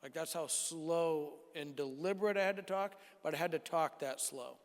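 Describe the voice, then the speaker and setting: Male youth speaker, 40s, higher register, animated storyteller, reverberant church hall. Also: moderate pace. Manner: animated storytelling, acts out dialogue. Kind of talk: sermon testimony.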